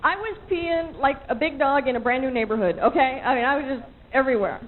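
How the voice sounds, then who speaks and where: A young woman doing a stand-up routine on a club stage, chatty and self-mocking, with quick asides to the crowd, recorded on an old VHS tape. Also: sits high, lively intonation, phone-quality sound. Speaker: stand-up comedian.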